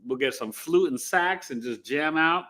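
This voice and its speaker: A man's voice: fairly high pitch, normal speed. A man from New City, hosting a live astrology stream in casual, slangy, emphatic chat. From New York City. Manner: animated, emphatic, slangy, boastful. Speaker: astrology show host.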